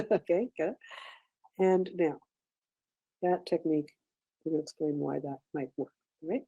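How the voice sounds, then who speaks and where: A woman teaches a workshop in a relaxed, chatty way, guiding listeners gently through an exercise. Her voice has a gravelly edge and a dark, mellow tone, and she keeps checking in with her audience as she goes. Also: low-pitched, a little slow, pauses often, poor audio. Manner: conversational, checks in often with "okay?"; gentle, instructive guidance. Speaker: workshop instructor.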